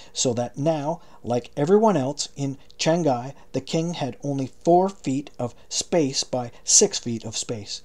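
A man narrating an audiobook in a steady, measured way. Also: mid-range voice. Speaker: audiobook reader.

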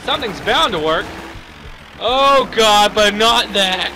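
A young man commentating a physics game he is playing, excitable, swearing and shouting at the screen. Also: high-pitched, takes it slowly, faint music behind. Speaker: gaming YouTuber. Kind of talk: let's play commentary.

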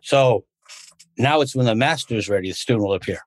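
A man's voice: mid-range voice, brisk, no echo. A man talking as a podcast guest, a martial arts instructor in casual conversation, who rambles through stories and restarts his sentences. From United States. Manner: rambling storyteller, restarts often.

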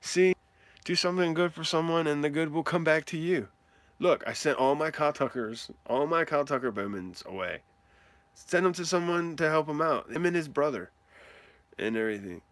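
Live on stream, a man opens card mail and chats with viewers, whooping and laughing often in an animated, excitable mail-day session. His voice is fairly high, his pace moderate, with no room sound.

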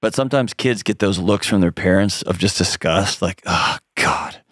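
A man's voice: low-pitched, normal speed, dry recording, studio quality. A man hosting a call-in advice show, coaching a caller in an earnest, direct way with frequent restarts.

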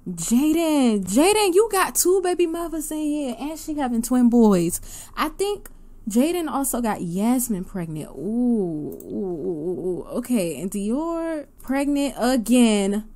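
A woman hosting her gaming channel, giving excitable casual commentary with loud gasps and outbursts. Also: fairly high pitch, slow pace. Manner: excitable, gasping and laughing reactions, loud outbursts.

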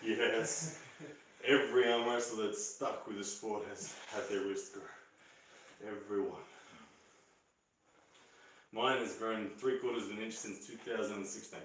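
A man leading a live-streamed arm wrestling session, chatting casually, laughing often and shouting during matches. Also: fairly low pitch, fairly even intonation, unhurried, pauses often, slight background noise. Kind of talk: casual live-stream chat while training. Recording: echoey room from far off.

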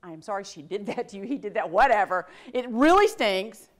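A woman's voice: medium pitch, fairly quick. A woman workplace trainer lecturing a class, acting out sample phrases as she goes. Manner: animated, acts out sample phrases.

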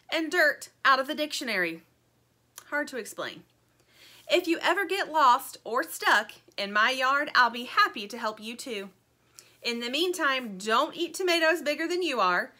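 A woman narrating a children's storybook aloud in an expressive, animated way. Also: high voice.

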